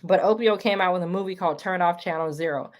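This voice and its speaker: Her voice sits on the low side and moves fast as this livestream host delivers a casual, earnest, somewhat preachy monologue to her listeners, calling them y'all while she tears up with emotion.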